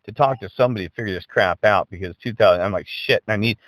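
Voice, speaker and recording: A middle-aged man telling a long story in casual chat, animated and profane, acting out both sides of a phone call. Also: lowish voice, quick pace, very noisy. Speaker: podcast co-host.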